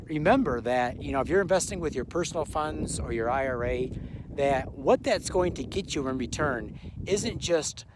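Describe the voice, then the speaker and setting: A man's voice: a little high, animated, moderate pace, noisy background. A man hosting a casual, upbeat vlog outdoors on a mountain trail while hiking, slightly out of breath, chatty and motivational. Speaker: vlog host.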